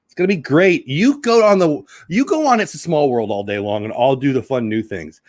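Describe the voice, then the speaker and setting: A chatty man hosts a live news stream, reading headlines and greeting viewers in the chat by name. His pitch sits in the middle range for a man. The sound is dry and close, with little room around it. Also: lively intonation, normal speed, a little mellow, dry recording.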